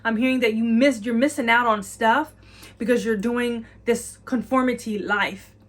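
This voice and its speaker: A woman's voice: fairly high pitch, steady tone, moderate pace. Earnest woman giving a channeled message. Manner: earnest, repetitive, encouraging, speaks in the listener's voice. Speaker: intuitive channeling reader.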